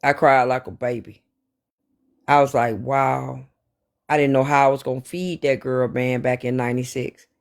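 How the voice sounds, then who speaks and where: A man, telling a personal story in casual, slangy, animated chat. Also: mid-range voice, moderate pace, creaky. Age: 40s.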